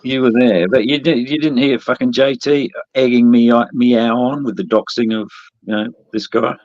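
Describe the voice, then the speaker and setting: A man's voice: medium pitch, fairly even intonation, moderate pace, a little mellow, dry recording, highs cut off. A man in a heated online voice chat, confrontational and sneering, swearing constantly. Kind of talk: angry live-stream argument.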